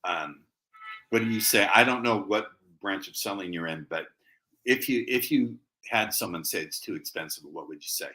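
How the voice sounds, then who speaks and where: A man's voice: on the low side, moderate pace, bright, forceful tone, rough recording. A man who is a guest sales trainer, teaching techniques with emphatic, playful stress on key words.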